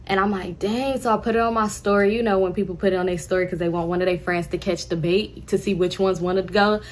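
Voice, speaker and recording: A woman's voice: lowish voice, fairly even intonation, fast talker. A young woman telling a casual story, chatting straight to her listeners. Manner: chatty, addresses listeners as y'all.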